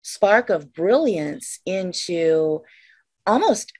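An enthusiastic female interview host speaks with a lively, swooping pitch. She sides with her guest eagerly and lands her points with emphasis. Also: very slow. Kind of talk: conversational interview.

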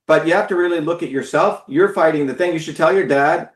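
In a fairly high voice, a live-stream host talks fast with hardly any pauses, giving his viewers a blunt, emphatic political monologue full of profanity. The audio carries noticeable reverb.

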